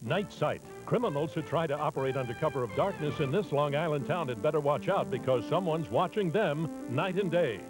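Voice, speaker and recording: A man reads a TV station promo in a punchy announcer style. His voice is fairly high, with music underneath. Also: expressive, fairly quick, poor audio.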